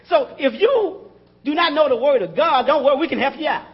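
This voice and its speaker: A man's voice: very high-pitched, lively intonation, normal speed, dull audio. A man preaching a sermon in a conversational style, calling out to the congregation and chuckling as he talks.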